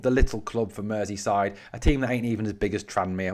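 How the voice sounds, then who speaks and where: A man's voice: lowish voice, fairly even intonation, fairly quick, few pauses, warm tone. A man from northeast England hosting a solo podcast, giving blunt opinions and answering live chat with swearing. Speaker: podcast host.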